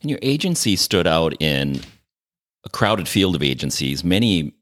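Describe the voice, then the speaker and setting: Man, extremely deep voice, lively pitch, podcast interviewer, admiring. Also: moderate pace. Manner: admiring, asks questions in short turns. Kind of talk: interview questions.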